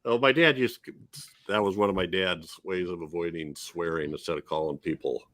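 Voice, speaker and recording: Low-voiced male host, loose rambling delivery, lots of "um". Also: a little fast, a bit bright. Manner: rambling, hesitant with fillers. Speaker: podcast host. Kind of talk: casual film-review chat.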